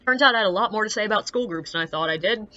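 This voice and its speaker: A woman working as a ghost tour guide, telling anecdotes in a chatty, animated way full of fillers. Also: medium pitch, racing, dry recording, dull audio. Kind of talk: casual storytelling to camera.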